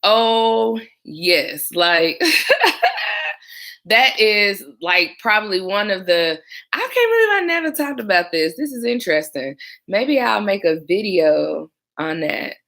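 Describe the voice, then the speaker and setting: With a mid-range voice and a slightly slow pace, a young woman casually tells the camera stories from her days as a 911 dispatcher. She sounds smooth and calm, though she turns animated acting out the callers.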